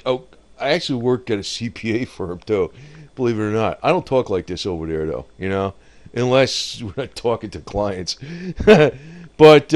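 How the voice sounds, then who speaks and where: A man giving rambling, off-the-cuff commentary on markets and the economy, often breaking into laughter at his own remarks. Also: mid-range voice.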